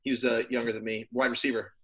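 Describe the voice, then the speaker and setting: Relaxed, rambling man in conversation. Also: mid-range voice, fast talker, rough recording. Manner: relaxed, rambling with many fillers. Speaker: former pro football player, guest. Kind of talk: casual interview.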